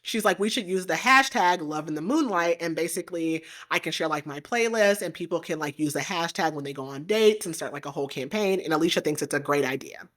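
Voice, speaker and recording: Lady podcaster recapping a book, kinda low voice, lots of "like"s, animated. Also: fairly quick, hardly any pauses. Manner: animated retelling with frequent "like" fillers. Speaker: podcast host.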